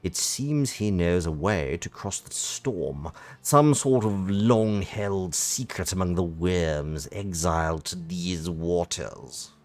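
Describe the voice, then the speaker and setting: A man's voice: deep voice, takes it slowly, a little mellow. A man, chatting wryly while streaming a game and reading its text aloud, often interrupting himself. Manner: chatty, self-interrupting, wry. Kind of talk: casual live-stream commentary and reading. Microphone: close desk microphone.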